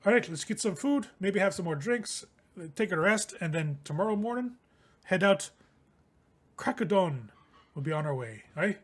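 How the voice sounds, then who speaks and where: A man voicing a boisterous, swaggering male knight-for-hire with loud, brash tavern banter. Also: high-pitched, expressive, normal speed, voice pushed up. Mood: hearty.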